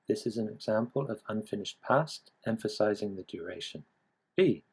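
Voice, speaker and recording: A man narrating a scripted English grammar lesson in a measured, explanatory way. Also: fairly low pitch, a little mellow, slightly rough, poor audio. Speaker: English teacher.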